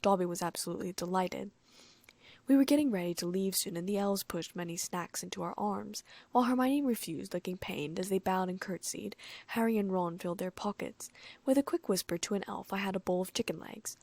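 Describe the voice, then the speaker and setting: A woman's voice: medium pitch, brisk, a little mellow, no room sound. A woman narrating a first-person story for an audiobook in a wry, plain reading.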